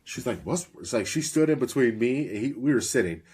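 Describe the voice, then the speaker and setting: A man's voice: mid-range voice, expressive, brisk, a little mellow, breathy edge. A man in his thirties co-hosting a casual podcast, telling family stories with frequent laughs and free swearing. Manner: laughs often, swears freely, storytelling. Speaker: podcast co-host.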